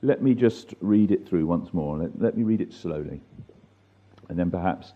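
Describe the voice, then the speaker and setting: A man leading a small church Bible study group, reading scripture slowly and deliberately. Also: sits low, animated. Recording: muffled phone-like audio.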